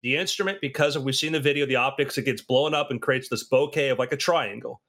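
A man in casual conversation who tells stories with energy and acts out the people he quotes, jumping high and low in pitch. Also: quick pace, hardly any pauses. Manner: animated storyteller, acts out quotes with big pitch swings.

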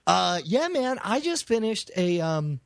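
A man hosting a podcast, chatting casually and teasing his co-hosts. His voice sits a bit high and moves a lot. The recording is dry and close. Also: big pitch swings, a little slow, creaky, no room sound. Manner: teasing, joking. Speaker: podcast host. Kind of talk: casual chat.

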